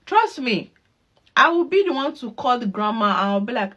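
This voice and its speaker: A mother tells a casual story about parenting, slipping into voices as she replays conversations. She is animated and breaks into laughter often. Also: fairly high pitch, fairly quick. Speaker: mother reacting to a clip.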